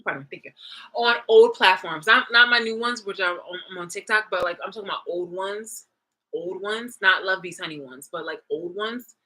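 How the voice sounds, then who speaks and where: Woman vlogger, bright edgy tone, loose profane storytelling to camera. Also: mid-range voice, normal speed, poor audio. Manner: profane, animated, retelling a clip with laughs. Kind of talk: casual rambling monologue.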